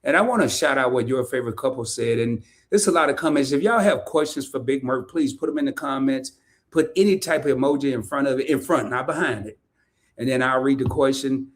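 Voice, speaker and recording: A man hosting a casual livestream interview, chatty and animated, laughing often as he reads comments. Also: medium pitch, brisk. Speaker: podcast host. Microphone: streaming setup, remote call.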